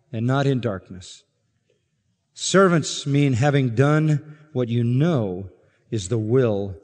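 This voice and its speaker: Male pastor, sermon, emphatic expository preaching, medium pitch, long hall reverb. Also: darkish tone. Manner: expository preaching, rising in emphasis on scripture quotes.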